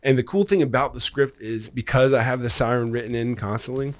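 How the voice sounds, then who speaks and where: A man's voice: medium pitch, a little fast, dry recording. A man on a podcast, a screenwriter guest, casually retelling a story in a rambling way and swearing loosely. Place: podcast studio.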